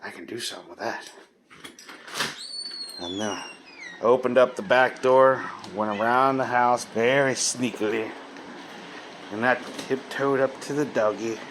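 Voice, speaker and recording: A man vlogs, telling a story in a loose, rambling, folksy way, full of pauses and filler words. His pitch is medium, and there's noise in the background.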